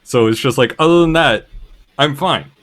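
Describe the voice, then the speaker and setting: A man's voice: mid-range voice, normal speed, a bit bright. A man playing a tabletop game in a laid-back, chuckling way. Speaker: player. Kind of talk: casual tabletop play.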